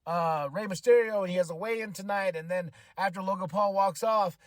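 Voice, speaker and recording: A man hosting a podcast, casually recapping a wrestling show, animated and quick to laugh as he acts out what the wrestlers said. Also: high-pitched, no echo. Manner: animated, acts out quotes in changing voices, laughs often. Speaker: podcast host.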